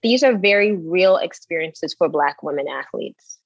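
A woman guest giving measured, advisory explanations on a podcast. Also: lowish voice, lively intonation, no echo, muffled recording. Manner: measured, advisory, clear points. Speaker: expert guest.

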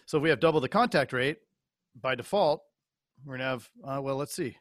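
A man's voice: mid-range voice, brisk, a bit bright, no echo. A man with a mid-range voice talks through figures on a casual show, stumbling and restarting as he thinks aloud. The recording is dry, with no room sound. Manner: thinking aloud, stammers while reading out data. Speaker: podcast co-host. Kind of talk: casual chat.

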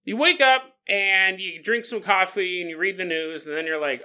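A man hosting a podcast, telling a joking story with frequent laughs in a playful, animated way. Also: sits high, moderate pace, few pauses, clear, resonant tone. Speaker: podcast host. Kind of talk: comedic storytelling monologue.

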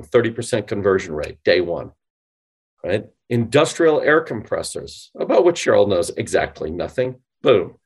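A man being interviewed on a podcast, explaining with animated, demonstrative delivery and acting out example phone lines. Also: mid-range voice, slightly rough. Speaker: guest, sales company CEO.

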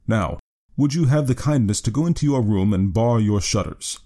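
A man reading an audiobook, voicing a cool, calculating detective in a measured, clipped way. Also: on the low side, expressive, dark tone. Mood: calm.

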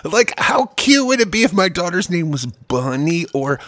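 A man co-hosting a casual chat, telling stories in an animated, profane way. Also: high-pitched, normal speed, no echo. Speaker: podcast co-host.

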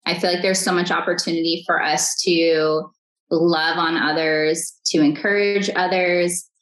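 A woman in her thirties speaks as an interview guest, her voice sitting on the low side. She talks in an earnest, upbeat way, circling back and restarting her thoughts as she goes. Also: steady tone, unhurried, fairly bright tone, poor audio. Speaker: podcast guest. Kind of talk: conversational interview.

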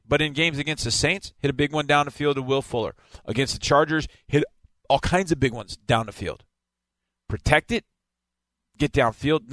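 A man's voice: mid-range voice, fairly bright tone, no echo. Emphatic man breaking down a football game. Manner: emphatic, repeats key points. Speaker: football analyst.

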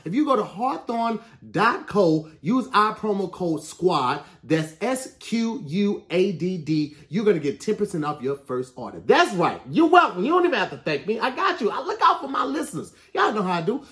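Brief: male podcast host, high and lively, playful ad-read energy. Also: normal speed, few pauses. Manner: animated, joking, reads ad spots playfully. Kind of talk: casual podcast chat.

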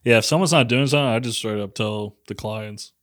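A man's voice: fairly low pitch, brisk, fairly bright tone, no echo, clean studio sound. A young adult man co-hosting a podcast in a laid-back, joking way, laughing often and tossing in short crude quips. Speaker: podcast co-host. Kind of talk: casual crude banter.

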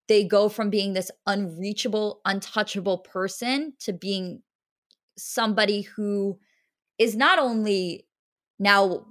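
A woman's voice: mid-range voice, fairly bright tone. A young woman co-hosting a podcast, telling a story in a casual, emotional, rambling way with many fillers. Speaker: podcast co-host. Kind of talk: casual chat.

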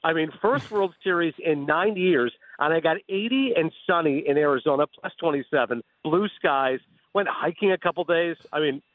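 A man calling in as a guest broadcaster, telling stories with enthusiastic, rapid energy. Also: fairly high pitch, dry recording, narrow, tinny audio. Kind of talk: call-in radio interview. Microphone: phone line.

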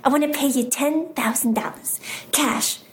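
An actress playing a bubbly, uncanny woman, breathy and eager, in a film. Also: high voice, moderate pace, natural voice.

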